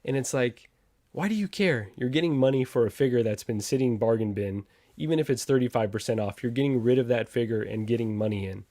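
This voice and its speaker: A man's voice: medium pitch, quick pace, few pauses, mellow, no room sound, studio quality. A man hosting a casual livestream chat, reading out viewer comments and trading sarcastic jabs with a laugh. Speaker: podcast host reading live chat.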